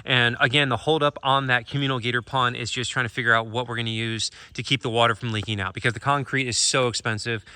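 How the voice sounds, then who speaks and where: Rambling man with a bright voice. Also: medium pitch, fairly even intonation, quick pace, hardly any pauses, clean tone, dry recording. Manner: rambling, loose, full of fillers. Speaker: animal sanctuary keeper. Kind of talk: casual vlog chat. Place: outdoors by an animal enclosure.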